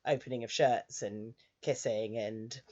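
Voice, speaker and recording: A woman's voice: extremely low pitch, fairly even intonation, unhurried, mellow, lo-fi sound. A woman chatting casually through a frank review, peppering her talk with "like". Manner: chatty, frank, heavy use of "like". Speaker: anime reviewer.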